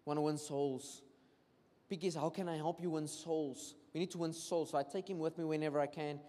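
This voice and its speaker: High-pitched South African preacher in a reverberant hall. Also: male voice, a little fast. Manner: switches between English and Afrikaans, animated storytelling with acted-out quotes. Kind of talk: sermon. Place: church hall.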